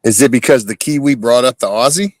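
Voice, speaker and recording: A man's voice: mid-range voice, fairly quick, no echo. A male livestream host chatting casually, reading chat comments aloud and teasing his guest.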